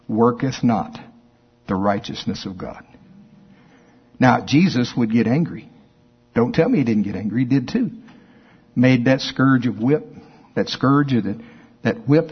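A man preaching a sermon as pastor, lively and conversational, acting out both sides of imagined exchanges with his listeners. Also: mid-range voice, husky, muffled recording.

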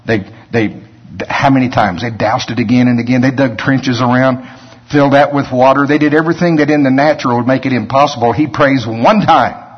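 Male preacher, mid-pitched husky voice, folksy storytelling sermon, dull lo-fi recording. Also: steady tone, a little fast. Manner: conversational, storytelling preaching with asides and chuckles.

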